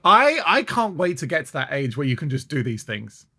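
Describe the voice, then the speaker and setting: A young man chatting on a comedy podcast with a lively, swooping delivery and a bright, forceful tone. He slips into voices of his mum as he tells stories. The sound is dry and close. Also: fairly high pitch, normal speed, husky, dry recording. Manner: animated, acts out his mum's voice. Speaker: podcast co-host. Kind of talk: casual comedic chat.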